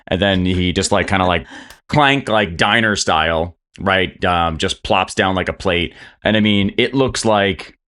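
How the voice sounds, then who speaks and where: A man's voice: deep voice, a little slow, a bit bright. A man narrating a tabletop game as game master, rambling through scene description with many fillers.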